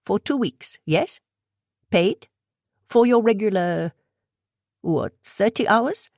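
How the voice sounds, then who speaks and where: A woman voicing a middle-aged male shop owner who speaks in quick bursts with a heavy accent and stilted phrasing, in an audiobook. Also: medium pitch, lively intonation, creaky, darkish tone, no room sound, studio quality, voice pushed up, full character voice. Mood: brisk concern. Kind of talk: audiobook character voice.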